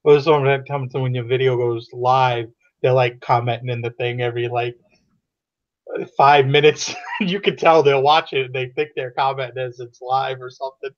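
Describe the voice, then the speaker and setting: A man co-hosting a casual live-stream chat, making quick joking asides. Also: mid-range voice, steady tone, lo-fi sound. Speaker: podcast co-host.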